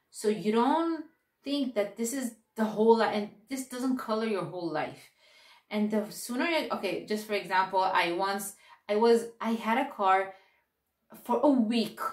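A woman giving a casual spiritual talk, speaking in an earnest, direct and encouraging way. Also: medium pitch. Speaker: spiritual teacher. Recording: roomy echo, distant mic.

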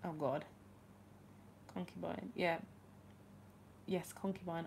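A woman's voice: medium pitch, normal speed. A woman, chatting casually and rambling through viewer questions in a vlog. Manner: chatty, rambling, lively asides. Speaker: vlogger answering viewer questions. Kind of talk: casual chat.

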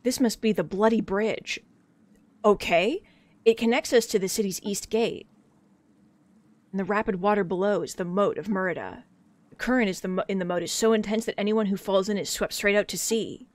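A woman's voice: medium pitch, moderate pace, no echo, lightly acted. Brief: woman playing a polite, eager young mouse hero, earnest and chatty.

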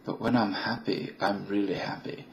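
A man's voice: on the low side, fairly even intonation, moderate pace, dull audio, a little hiss or hum. A man vlogging alone to his webcam, musing in a rambling way and slipping between put-on accents. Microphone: webcam mic.

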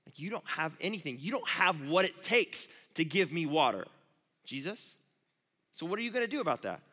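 A man acting out a dismissive Samaritan woman with an attitude, talking sassy and brushing someone off, in a quick, quieter aside. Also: fairly high pitch, big pitch swings, heavily acted. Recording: long reverb of a large hall.

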